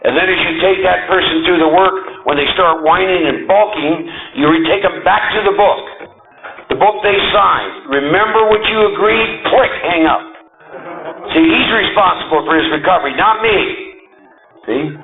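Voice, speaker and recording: A man giving a talk to a recovery group, emphatic and animated, often checking in with the audience. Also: fairly high pitch, normal speed, narrow, tinny audio, over music. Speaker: recovery meeting speaker.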